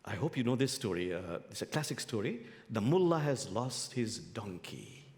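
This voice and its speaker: A man, an imam giving a guest sermon, telling humorous stories in a playful, animated way. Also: fairly low pitch, moderate pace. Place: spiritual center sanctuary. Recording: long hall reverb.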